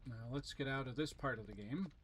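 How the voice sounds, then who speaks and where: A man's voice: mid-range voice, brisk, slight background noise. A man casually commenting on his gameplay during a live stream, chatting with viewers and reading their messages aloud. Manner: relaxed, chatty, reads chat messages aloud. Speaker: gaming streamer.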